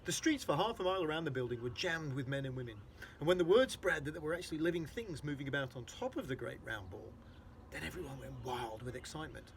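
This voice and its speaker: A man's voice: on the high side, expressive, fast, a little hiss or hum. A man reading a children's storybook aloud, explaining hard words for young listeners.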